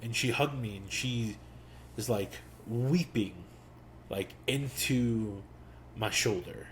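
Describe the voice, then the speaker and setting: A young man hosting a podcast, telling a personal story slowly and reflectively, with pauses. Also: mid-range voice, slight background noise. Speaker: podcast host. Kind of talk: storytelling monologue.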